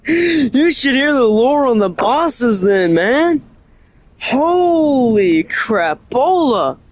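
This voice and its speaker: An excitable streamer rambling about a game, often stopping mid-thought to correct the story. The voice is middle-pitched and animated. The sound is dry, with little room echo. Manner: rambling, excitable, keeps restarting and correcting itself; animated storytelling with bursts of laughter. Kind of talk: casual streaming chat.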